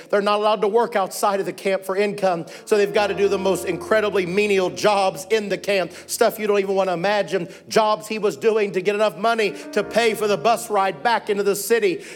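A missionary preacher, a man with a notably high voice, tells his story in a sermon with building passion. Soft music plays quietly behind him. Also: a little fast. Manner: impassioned storytelling, rising to fervent preaching.

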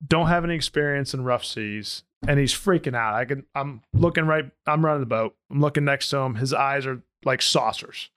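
A man and boat captain telling a casual story, lively, often acting out the dialogue. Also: medium pitch, normal speed, hardly any pauses. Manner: animated, jumps into quoted dialogue.

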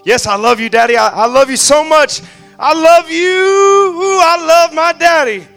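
A man's voice: extremely high pitch, unhurried, fairly bright tone, faint music behind, voice pushed up, heavily acted. A man voicing a pleading five-year-old girl who stammers and begs, in a sermon story. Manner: stammering, begging.

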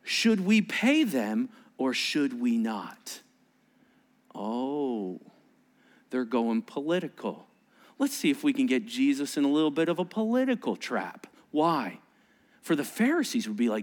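A male pastor delivering a sermon, animated and joking, acting out little voices and sarcastic asides. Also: a little high, moderate pace.

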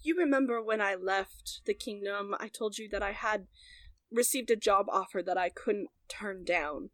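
Composed female tiefling teacher, woman GM voicing, dry close sound, mid pitch. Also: normal speed, dry recording, natural voice.

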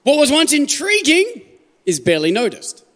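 A lively Australian man preaching in a church hall, his pitch high and swinging freely. His voice is bright and carries with long reverb around the room as he jokes and puts questions to the congregation. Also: normal speed. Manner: animated, joking, asks the room questions. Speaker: pastor. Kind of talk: sermon.

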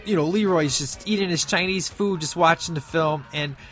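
A man's voice: a little high, normal speed, soft background music. A man hosting a podcast, giving a casual, rambling retelling of a movie with lots of fillers. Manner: animated, acts out movie quotes in between. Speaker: podcast host.

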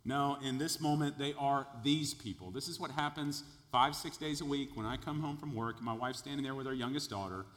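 A man's voice: medium pitch, fairly even intonation, a little fast, hardly any pauses, fairly bright tone. Emphatic male preacher in an echoing hall. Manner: emphatic, builds in volume, repeats words. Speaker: pastor. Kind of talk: sermon.

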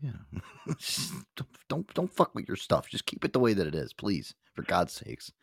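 Brief: male host, casual and profane, very expressive delivery, dry close mic. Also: deep voice, normal speed, creaky, breathy edge, no echo. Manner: animated, swears a lot, laughs often. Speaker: podcast host.

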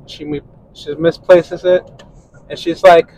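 A man's voice: sits high, sing-song, a little slow, vocal fry, a little mellow, dull audio, a little hiss or hum. Profane, rambling man telling a story. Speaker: podcast host. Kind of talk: casual monologue.

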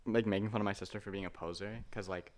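Fast-talking low-voiced man. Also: fairly even intonation, crowd noise. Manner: teasing, rapid banter. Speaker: podcast co-host. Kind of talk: casual chat among friends.

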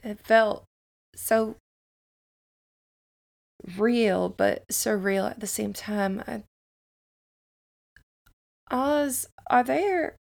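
A woman playing a tabletop game, speaking hesitantly with many pauses. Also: on the high side, creaky. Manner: hesitant, halting, full of pauses. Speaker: player. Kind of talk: tabletop role-play.

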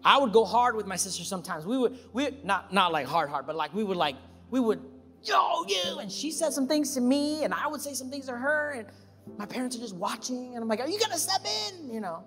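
A male pastor preaching a sermon, emphatic, rising to loud high peaks and then settling into calm, personal storytelling. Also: fairly quick. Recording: reverberant church hall with music.

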